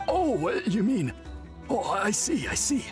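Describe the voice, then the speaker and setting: A man's voice: sits high, big pitch swings, a little slow. A man voicing a formal, welcoming male tribal priest in a video game, speaking politely and formally. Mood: courteous. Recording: faint music underneath.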